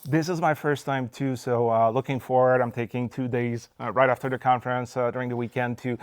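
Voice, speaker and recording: Brief: chatty male podcast host, smooth resonant voice, dry close sound. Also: mid-range voice, flat delivery, a little fast, no echo. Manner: upbeat, chatty, frequent filler words. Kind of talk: casual backstage interview. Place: conference venue in a cinema.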